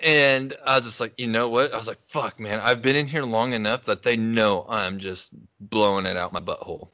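A man's voice: lowish voice, moderate pace, sharp tone, dry recording. A young man casually telling a crude, rambling story on a podcast, laughing as he goes. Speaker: podcast co-host.

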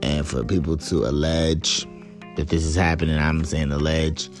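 A man's voice: rumbling low, little pitch movement, moderate pace, soft background music. A man hosting a podcast alone, talking in a casual, rambling, profane way, laughing often and stumbling over words. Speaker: podcast host. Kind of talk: casual solo commentary.

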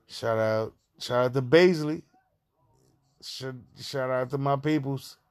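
A man's voice: medium pitch, takes it slowly, a little mellow, clean tone. A man from Far Rockaway, Queens, with a New York accent, talking through a profane, rambling opinion monologue as a podcast host.

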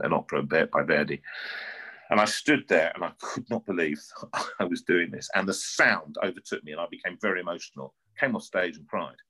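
North london guy, middle-aged opera singer chatting in an interview, lowish bright voice, keeps repeating himself. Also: low-quality recording. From North London, England. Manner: animated storyteller, repeats words as he talks. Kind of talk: casual interview chat.

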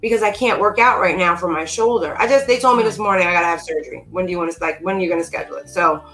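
A woman guest on a casual podcast, talking in a bright, forward voice. She rambles, restarts her sentences and cuts herself off. Faint music plays behind her. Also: on the low side, very fast, rough recording. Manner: rambling, self-interrupting. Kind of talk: casual chat.

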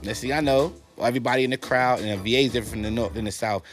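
A man, a guest telling rough, profane stories in casual talk and acting out the other voices. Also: medium pitch, racing, faint music behind. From New York. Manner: animated, profane, acts out quoted dialogue. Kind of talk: casual storytelling.

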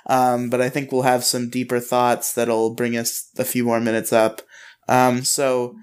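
A man's voice: medium pitch, completely flat delivery, unhurried, clean tone. A man co-hosting a podcast, casually recapping an anime episode, acting out lines in a raised voice and laughing often. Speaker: podcast co-host.

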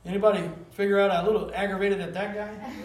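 A man preaching a conversational sermon to a small group. He talks in an animated, rambling way and keeps asking the listeners for answers. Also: high-pitched, quick pace, crowd noise. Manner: animated, rambling, calls for responses. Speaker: pastor. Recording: roomy room, voice from a distance.

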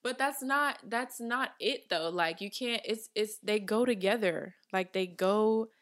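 A woman's voice: mid-range voice, unhurried, fairly bright tone. A woman in her twenties hosting a podcast from her home studio, talking casually and emphatically, often laughing. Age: 20s. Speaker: podcast host. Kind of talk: casual chat.

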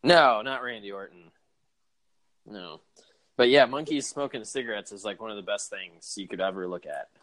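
A man co-hosting a podcast in casual chat, relaxed, laughing often and calling people "dude". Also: fairly low pitch, moderate pace. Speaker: podcast co-host.

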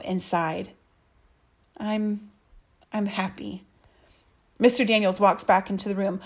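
A woman reads a children's story aloud in the first person. Her narration is soft and earnest. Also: medium pitch, fairly even intonation, a little slow, long pauses. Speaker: audiobook narrator.

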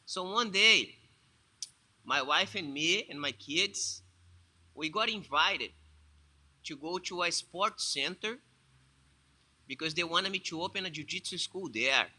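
A man, a jiu-jitsu instructor and English speaker, telling his own story in a halting way, often repeating words. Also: fairly high pitch, sharp tone. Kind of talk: casual personal storytelling.

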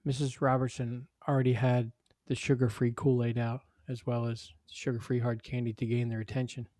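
A man narrating a children's story aloud in a plain, steady voice. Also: mid-range voice, dry recording, studio quality.

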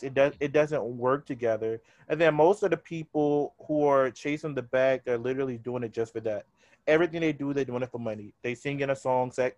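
A man's voice: medium pitch, no echo. A man hosting a podcast, chatting casually and driving his points home by repeating himself. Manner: emphatic, hammers points with repetition. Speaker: podcast host.

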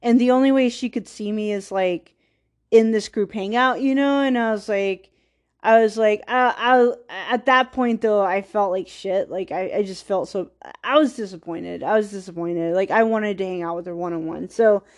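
A woman's voice: medium pitch, moderate pace. A woman hosting a podcast, telling a personal story in a rambling, casual way, full of "like," with wistful, self-deprecating laughs. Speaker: podcast host.

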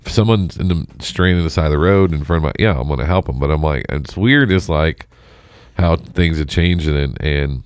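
A man with a very low voice chats casually, rambling and joking with frequent swearing. The sound is dry and close. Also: moderate pace, clean tone, dry recording. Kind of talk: casual chat.

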